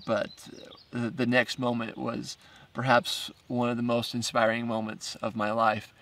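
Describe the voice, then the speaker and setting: A man tells a story in a casual first-person way, stumbling and repeating words and laughing lightly between phrases. His voice is rough and gravelly at medium pitch. He sits a little back from the microphone. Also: monotone, a little slow, a bit bright, recorded from a distance. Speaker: filmmaker narrating his documentary.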